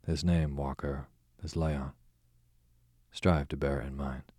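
A man reading an audiobook, voicing a languid aristocratic duke with a smooth, sarcastic drawl. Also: a bass voice, little pitch movement, takes it slowly, a little mellow, no room sound, studio quality, heavily acted. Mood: sardonic. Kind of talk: audiobook character voice.

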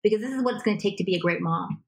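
A woman relationship coach talking in a conversation, animated and acting out little example dialogues. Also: mid-range voice, rapid-fire, poor audio.

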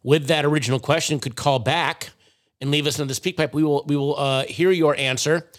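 A man hosting a podcast in casual chat, rambling and halting with plenty of ums. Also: a little high, steady tone. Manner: rambling, halting with many fillers. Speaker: podcast host.

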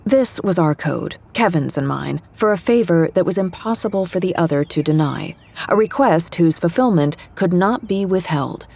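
Low husky young woman narrating. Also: lively intonation, moderate pace, darkish tone. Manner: wry, conversational first-person storytelling. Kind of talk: scripted fiction narration.

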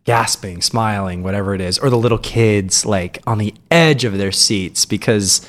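A man's voice: lowish voice, moderate pace. A man who is a stage actor, talking as a podcast guest in casual chat, rambling with frequent restarts.

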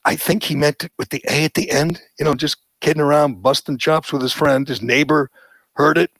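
A man with a slightly high voice talks fairly quickly in a dry, echo-free recording. He hosts a podcast and offers opinionated political commentary, animatedly mocking the people he quotes.

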